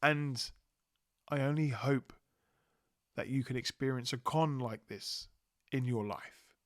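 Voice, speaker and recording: A man hosts his own podcast while worn out but giddy with joy, speaking warmly and reflectively. His voice sits at a middling pitch. The recording is dry and close. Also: slow, no room sound. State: tired. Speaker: podcast host. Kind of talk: solo podcast wrap-up.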